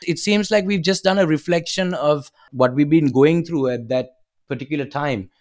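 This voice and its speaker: A man, a band's vocalist, talking casually in a guest interview. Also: on the high side. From Sri Lanka. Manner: rambling, fast, with restarts. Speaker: band vocalist.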